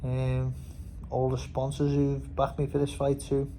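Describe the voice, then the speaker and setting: A man's voice: mid-range voice, monotone, unhurried, mellow, a little hiss or hum, low-quality recording. A young man with a Scouse accent, a boxer rambling casually in a vlog, swearing and laughing as he talks. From Liverpool, England. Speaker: boxer and vlogger.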